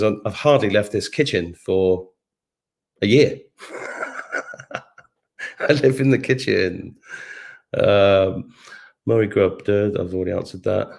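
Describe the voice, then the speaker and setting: A man's voice: fairly low pitch, a little mellow. A middle-aged man hosting a live stream from his home kitchen, chatting casually, reading comments, humming to himself and swearing now and then. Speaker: host of an online live show.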